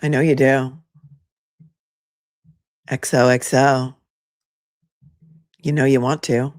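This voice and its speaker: A woman's voice: rumbling low, little pitch movement, slow, a little mellow, no room sound, clean studio sound. A woman with a Boston accent hosting commentary on a court hearing, sarcastic and full of rhetorical questions. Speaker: host.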